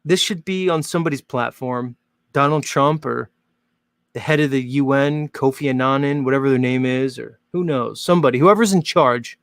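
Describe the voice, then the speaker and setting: A man's voice: mid-range voice, normal speed, fairly bright tone, clear, resonant tone, no room sound. A man hosting his own show, talking casually to viewers in a rambling, joking way full of fillers. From Northern Hemisphere. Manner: chatty, rambling, jokey, many "like" fillers. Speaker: host.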